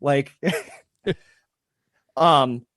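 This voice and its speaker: A young man co-hosting a podcast, telling a story in casual chat, animated, swearing and laughing often. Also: fairly high pitch, very slow, no echo, studio quality. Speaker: podcast co-host.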